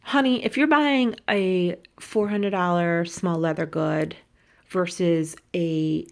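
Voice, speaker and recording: A woman vlogging about luxury shopping, telling a story in an animated, indignant way. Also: fairly low pitch, slow. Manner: animated, indignant, quotes people in put-on voices. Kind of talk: casual storytelling rant.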